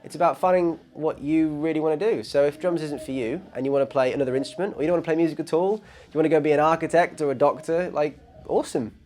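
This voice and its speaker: A man's voice: fairly high pitch, steady tone, quick pace, a little mellow. A man who hosts a drum channel, giving casual, encouraging advice to camera with lots of "you know" fillers.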